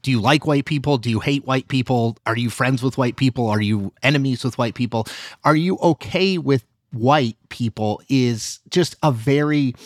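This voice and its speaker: A man, a journalist guest, explaining things in an animated, emphatic way and hedging with "you know.". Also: mid-range voice, no echo, studio quality. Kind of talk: conversational explanation.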